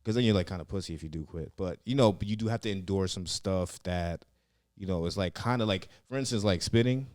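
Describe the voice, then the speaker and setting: A man's voice: deep voice, fairly quick, darkish tone, no echo, studio quality. A young man, a comedian and former recruit, telling rambling stories in a casual interview, full of "like" and cursing. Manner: rambling, profane, heavy on "like" and "yeah". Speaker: comedian and former Marine recruit, podcast guest.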